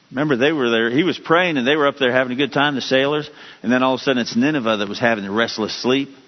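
A man preaching a sermon as a pastor, with sudden rises in pitch and emphasis. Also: very fast. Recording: dull lo-fi sound with long hall reverb.

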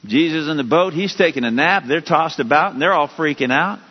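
A man preaching a sermon as a pastor, with sudden rises in pitch and emphasis. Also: lively intonation, moderate pace, slightly rough. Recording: dull lo-fi sound with long hall reverb.

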